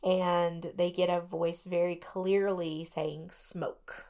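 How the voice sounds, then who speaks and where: A woman co-hosts a radio show, recounting ghost-hunting tales in a loose, chatty way full of fillers. Her voice sits low and carries a gravelly fry, and she breaks off now and then to question what she is retelling. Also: little pitch movement, takes it slowly, warm tone. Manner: chatty, many fillers, skeptical asides. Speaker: podcast co-host. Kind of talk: casual chat retelling ghost stories. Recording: radio talk show studio mic.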